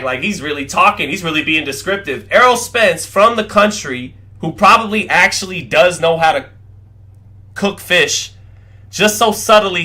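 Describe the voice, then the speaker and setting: A young man hosts a boxing livestream, reacting to clips and speaking straight to his chat. He is excitable and profane, with a bright, forceful voice that sits a little high. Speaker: boxing show host.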